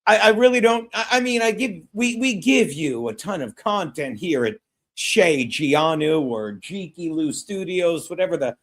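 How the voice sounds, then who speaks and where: A man hosting a comedy podcast in loose, joking banter. His voice sits high, and he swears freely and stumbles through restarts. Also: normal speed. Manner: loud, joking, profane, stammering restarts.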